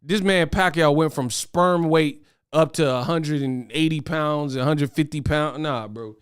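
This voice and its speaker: A young man hosting a boxing commentary livestream, talking fast in slang, excitable and laughing as he reads viewer chat. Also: a little high, smooth, dry recording, studio quality. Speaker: boxing commentary show host.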